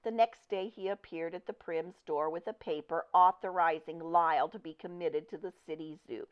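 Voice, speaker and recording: A woman reading a children's picture book aloud with expressive, deliberate storytelling. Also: fairly low pitch, smooth. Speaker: storybook reader. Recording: dull lo-fi recording.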